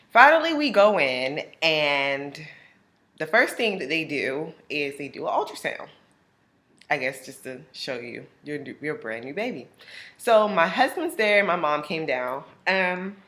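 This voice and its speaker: A young woman talks straight to her camera, telling a personal story in a relaxed, chatty way. Her voice is bright and swoops widely in pitch as she acts out what her friends said. It sits a little low for a woman. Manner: animated, acts out friends' lines with big pitch jumps. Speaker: vlogger. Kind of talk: casual storytelling.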